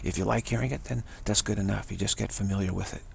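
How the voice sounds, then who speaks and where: A man's voice: fairly low pitch, steady tone, fast talker, vocal fry, a little hiss or hum. A man giving a casual spiritual teaching talk, musing and earnest, repeating phrases for emphasis.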